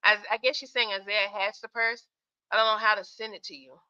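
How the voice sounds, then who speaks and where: Bright-voiced sleepy woman hosting a stream. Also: mid-range voice, fairly even intonation, brisk, smooth, muffled recording. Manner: chatty, laughs often, talks straight to viewers. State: sleepy, yawning. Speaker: livestream host. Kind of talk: casual livestream chat reading viewer comments.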